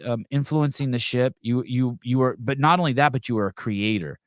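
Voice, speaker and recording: A man's voice: mid-range voice, fairly quick, no echo, clean studio sound. A man hosting a podcast, telling stories in a rambling, profane, casual way. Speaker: podcast host. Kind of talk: casual chat.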